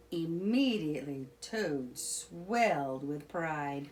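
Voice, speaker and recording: A woman reading a children's storybook aloud, narrating slowly and expressively. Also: fairly low pitch, very animated.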